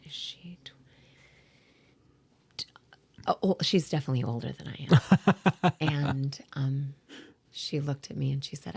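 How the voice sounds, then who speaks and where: A woman from South Dakota, a theater performer and teacher, telling stories in a rambling interview chat with lots of fillers and soft whispery asides. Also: sits low, unhurried, long pauses, slightly rough. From South Dakota, USA. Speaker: guest, actor and theater teacher.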